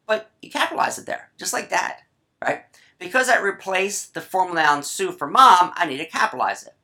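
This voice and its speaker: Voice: medium pitch, very animated, brisk, pushed and bright. A writing teacher giving a casual grammar lesson, chatty and full of asides, often checking in with "right?".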